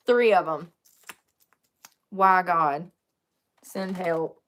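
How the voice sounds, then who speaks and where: A woman's voice: lowish voice, extremely slow, pauses often, a bit bright. A young woman vlogging to camera in casual chat, chatty and joking, swearing freely.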